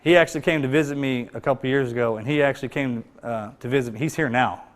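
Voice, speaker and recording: A middle-aged military veteran telling a war story in a blunt, conversational way, often dropping to a low, quiet voice. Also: male voice, fast talker. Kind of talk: personal war story told to an audience.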